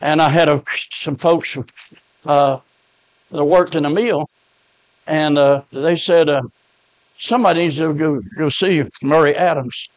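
A middle-aged man, a pastor telling a folksy story in a sermon, rising at times to shouts and amens. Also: a little high, fairly even intonation, a little slow, pauses often, no room sound.

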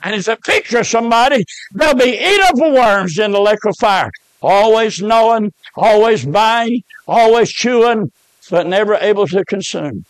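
Guy preaching hellfire, high voice, dry close sound, gets loud on the big words. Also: lively intonation, normal speed, no room sound. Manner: emphatic, rising to shouts on key words. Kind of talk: fiery revival sermon.

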